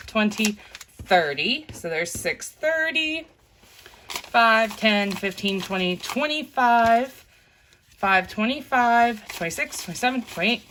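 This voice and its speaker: A woman vlogging casually to her viewers, counting bills out loud and chatting about her budget, often saying "you guys". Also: mid-range voice, a little hiss or hum. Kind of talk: casual talk to camera while counting cash.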